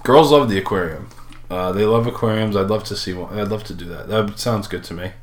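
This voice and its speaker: A man's voice: on the low side, a little fast. A middle-aged man from Minnesota co-hosting a casual live-stream chat, joking and laughing often. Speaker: podcast co-host. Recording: echoey room.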